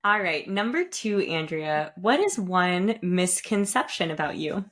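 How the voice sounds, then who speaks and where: A woman co-hosting a casual podcast, playful and giggly, rattling off stories quickly. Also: fairly low pitch, lively intonation. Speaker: podcast co-host and choir teacher.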